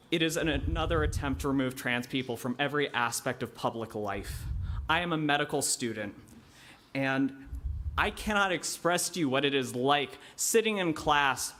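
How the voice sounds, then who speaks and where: A man's voice: fairly high pitch, pushed and bright, a little hiss or hum. Impassioned young man at a council podium. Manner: earnest, impassioned, voice rising with emotion. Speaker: public commenter, medical student. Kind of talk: public comment speech. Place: city council chamber.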